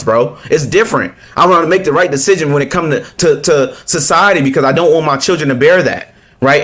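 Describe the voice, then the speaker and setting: Male reaction commentator, heated and profane, high-pitched. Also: fairly bright tone. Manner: blunt, profane, heated, lots of restarts. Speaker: political commentator reacting to a clip.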